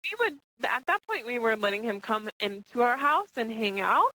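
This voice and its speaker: Animated young woman telling a story. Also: a little high, normal speed, no room sound, poor audio. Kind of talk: casual chat, storytelling.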